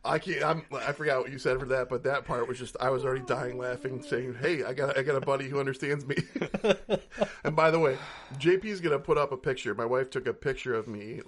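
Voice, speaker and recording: A man's voice: medium pitch, brisk. A man co-hosting a movie podcast in casual chat, laughing often and trailing off mid-sentence. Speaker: podcast co-host.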